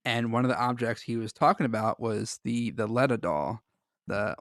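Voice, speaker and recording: A man's voice: mid-range voice, normal speed, a bit bright, no echo, studio quality. A man co-hosting a podcast, chatting casually with a joking, rambling manner and reading a story aloud. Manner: joking, rambling, laughs often. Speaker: podcast co-host.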